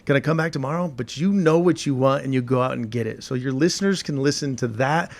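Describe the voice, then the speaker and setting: Lively male podcast guest. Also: mid-range voice, a little fast, gravelly. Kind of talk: casual chat.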